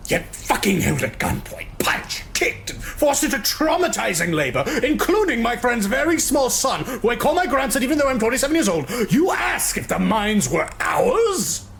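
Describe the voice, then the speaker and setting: A man voicing a melodramatic, indignant young man in his twenties who shouts and blusters in voiced game dialogue. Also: very high voice, big pitch swings, moderate pace, creaky, hardly any pauses, a little hiss or hum, full character voice. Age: 20s. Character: excitable indignant young man under questioning.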